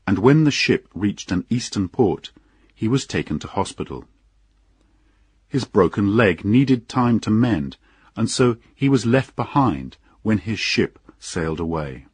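Raspy guy reading a story slow, lots of ups and downs in his voice. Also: lowish voice, no echo. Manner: unhurried, expressive storytelling. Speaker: narrator. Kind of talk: scripted audiobook narration.

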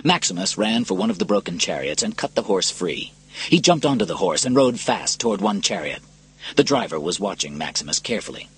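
Male storybook narrator, low husky voice, very expressive pitch, dramatic reading. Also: brisk, soft background music.

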